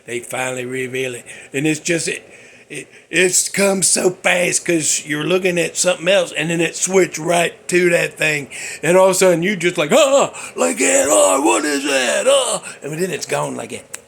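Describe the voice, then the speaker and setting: A man's voice: a little high, normal speed, creaky, a bit bright, slight background noise. A man hosting a casual, rambling talk about movies, with a folksy manner. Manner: rambling, folksy, puts on voices for characters. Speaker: host.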